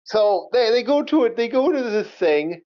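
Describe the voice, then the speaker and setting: A man co-hosting a casual movie review chat, animated and swearing a lot as he repeats himself. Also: very high-pitched, normal speed. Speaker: co-host of a movie review show. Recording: dull lo-fi sound.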